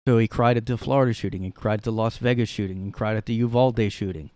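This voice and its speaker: A man's voice: on the low side, steady tone, fast, darkish tone, no room sound. Sarcastic rambling man in a dry room. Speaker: podcast host. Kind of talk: casual solo commentary. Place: his room.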